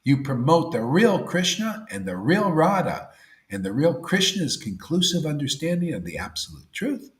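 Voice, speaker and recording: A man giving a devotional sermon in a casual way, saying 'see' and 'man', and swinging between loud emphasis and near-whispers. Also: a little high, very animated, moderate pace, echoey room. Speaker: spiritual teacher.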